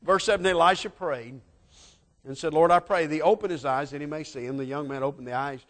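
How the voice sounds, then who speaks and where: A man preaching a sermon, telling a Bible story dramatically and swinging from loud peaks to hushed asides. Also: a little high, a little fast. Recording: long hall reverb.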